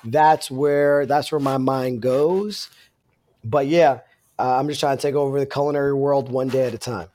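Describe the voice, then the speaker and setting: A man, a chef guest on a podcast, talking in a relaxed, casual way, often repeating himself while he thinks. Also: medium pitch, moderate pace. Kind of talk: casual interview chat.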